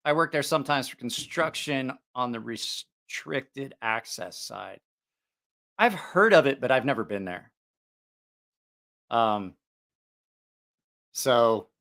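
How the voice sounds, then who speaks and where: A man's voice: on the high side, pushed and bright. A man hosting a casual livestream about knives, joking, teasing viewers and laughing often. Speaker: knife channel host.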